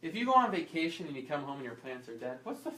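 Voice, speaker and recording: A man's voice: a little high, fast talker. Man teaching a class, echoey and distant. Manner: lively, asks the audience questions and acts out little scenes. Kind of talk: informal health class talk. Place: class room. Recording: echoey room, voice from far off.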